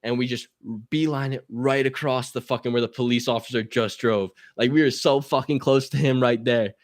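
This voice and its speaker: A young man telling a story on a talk show as a guest, animated and swearing, acting out the voices of the people in it. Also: medium pitch, normal speed, no echo, clean studio sound. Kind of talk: casual storytelling.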